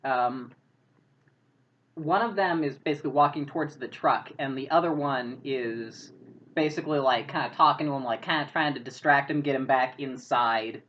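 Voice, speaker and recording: A woman's voice: rumbling low, moderate pace, a bit bright. A woman narrating as game master in a loose, casual way with many fillers. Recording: muffled lo-fi audio.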